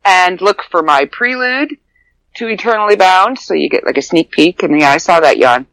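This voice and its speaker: A woman's voice: lowish voice, expressive, moderate pace, fairly bright tone, dry recording, low-quality recording. A woman co-hosting a podcast in a casual, blunt and joking way, swearing freely. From Canada. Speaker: podcast co-host.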